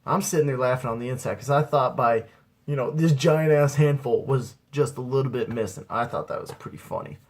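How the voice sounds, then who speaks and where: A man's voice: medium pitch, a little fast, a little mellow, a little hiss or hum. A young man casually telling a rambling, profane anecdote to his viewers as a beginner comedy vlogger. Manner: rambling, profane, laid-back.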